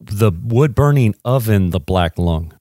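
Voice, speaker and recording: Male co-host, low and animated, profane griping, dry close mic. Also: unhurried, no echo. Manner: ranting, profane complaints. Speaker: podcast co-host. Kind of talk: casual chat.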